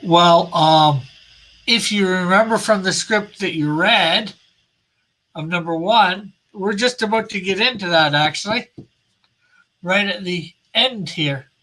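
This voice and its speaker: Man chatting while drawing a comic, high bright voice, slow and rambling. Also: poor audio. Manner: rambling, laughs often. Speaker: comic artist. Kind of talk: casual chat while drawing.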